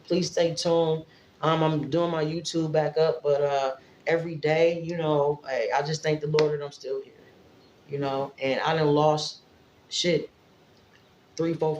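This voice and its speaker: A woman's voice: low voice, a little mellow, muffled recording, slight background noise. Emotional, rambling woman vlogger, roomy sound. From Fort Wayne, Indiana, US. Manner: rambling, emotional, direct address to viewers. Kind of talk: casual livestream-style vlog talk.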